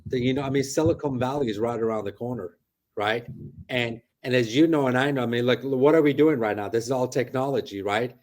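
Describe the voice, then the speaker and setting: Brisk and a bit dark in tone, this medium-pitched man is a middle-aged real estate broker calling in by video from his office. He talks animatedly in a casual interview style and tags his remarks with "right?".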